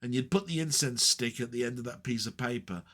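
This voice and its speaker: Bloke chatting away on his retro vlog, bright voice, lots of ums. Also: mid-range voice, fairly quick. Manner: rambling, chatty, frequent ums and asides. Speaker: retro gaming vlogger. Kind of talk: casual rambling chat.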